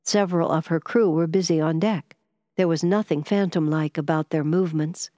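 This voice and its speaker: Low-voiced woman reading a story. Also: no echo, studio quality. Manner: measured, expressive reading. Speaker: narrator. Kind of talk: storybook narration.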